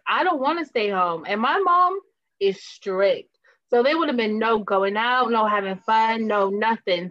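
A woman in her thirties from Boston, a podcast guest telling her story in casual chat, animated and laughing often, her throat a little hoarse. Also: mid-range voice, lo-fi sound. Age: 30s. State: slightly hoarse, clearing throat.

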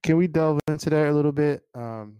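A man with a smooth, resonant voice chats as an interview host, asking frank questions in a rambling way. He laughs often and restarts his sentences as he thinks aloud. The sound is close and dry. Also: a little high, fairly quick, dark tone, no room sound, poor audio. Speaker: podcast host. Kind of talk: casual interview chat.

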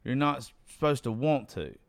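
A man's voice: medium pitch, lively intonation, moderate pace, vocal fry, no echo. A man hosting a casual political talk show, rambling loosely with hesitations, then speaking with more fire.

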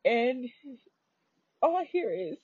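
A woman's voice: on the high side, sing-song, slow pace, darkish tone, breathy edge, dry recording. A woman telling a story about her own experience in a casual, chatty way, swearing freely and using many fillers. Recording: dull lo-fi recording.

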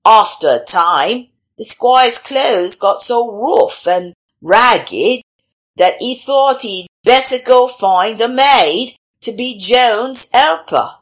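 A woman reading a picture book aloud, slow and unhurried, with a lively voice that rises and falls through every sentence. Her tone sits a little high and stays animated and expressive throughout. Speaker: storyteller. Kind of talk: storybook read-aloud.

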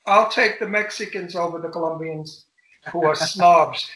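An older man as an interview guest, telling bawdy stories in a lively, animated way over a remote call. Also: on the high side, normal speed. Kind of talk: casual interview chat. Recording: echoey room.

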